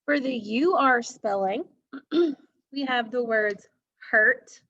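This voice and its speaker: A woman's voice: fairly high pitch, slow pace, fairly bright tone, muffled recording. A woman teacher giving a phonics lesson to a class, speaking patiently and asking her students questions.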